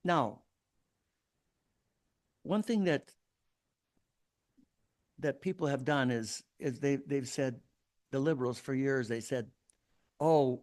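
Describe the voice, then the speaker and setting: A man hosting a solo podcast, arguing his points in an emphatic, preachy way. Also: mid-range voice. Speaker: podcast host.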